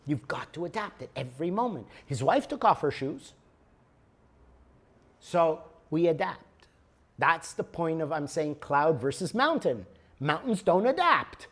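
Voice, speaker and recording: A man speaking to a live audience at a workshop, conversational and animated, swinging between loud emphasis and soft asides. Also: on the high side. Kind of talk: live motivational talk. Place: lecture room with audience.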